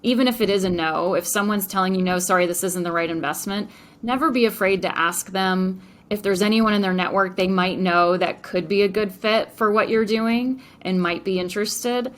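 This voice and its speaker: Woman guest on a business podcast, mid-pitched, eager and animated in tone, lots of "you know". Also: moderate pace, few pauses. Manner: enthusiastic, frequent fillers. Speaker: entrepreneur guest. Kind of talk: podcast interview.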